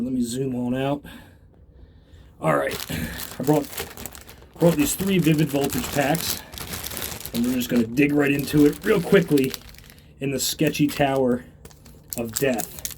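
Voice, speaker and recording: A man vlogging as he climbs a tall outdoor tower, out of breath, chatty and excited, recorded on a handheld phone. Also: medium pitch, unhurried, long pauses, slight background noise. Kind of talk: casual narration while climbing. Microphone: handheld phone camera.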